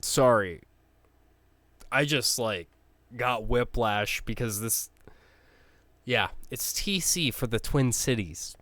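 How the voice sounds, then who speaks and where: A man's voice: medium pitch, animated, takes it slowly, long pauses, fairly bright tone, dry recording. A man giving casual, opinionated commentary, ranting bluntly with swearing and frequent restarts. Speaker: sports logo ranker.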